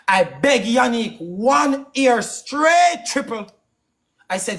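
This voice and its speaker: A man's voice: very high voice, expressive, a little slow, fairly bright tone. A man with a Jamaican accent on a live stream, ranting hard, swearing often and repeating himself for emphasis. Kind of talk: heated live-stream rant.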